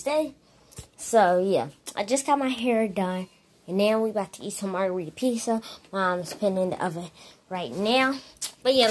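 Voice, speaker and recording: A woman chatting casually to her phone camera at home as a vlogger, calling her viewers y'all. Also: mid-range voice. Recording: loud background noise.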